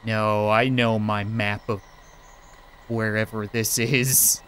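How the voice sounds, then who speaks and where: A gaming YouTuber, a man, doing let's play commentary in a joking, excitable way, talking back to the characters on screen. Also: fairly low pitch, slow, soft background music.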